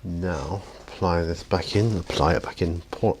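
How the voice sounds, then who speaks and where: Tired, low-voiced man rambling. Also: measured pace, darkish tone, slight background noise. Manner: rambling, self-deprecating, yawning often. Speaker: hobby painting vlogger. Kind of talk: casual chat while painting miniatures. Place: home hobby studio.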